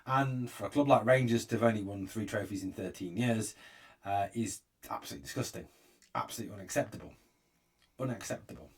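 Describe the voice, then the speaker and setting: A man's voice: fairly low pitch, steady tone, a little fast, far from the mic. A man hosting a fan channel, giving an exasperated, emphatic commentary and often repeating himself. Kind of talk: opinionated fan commentary monologue.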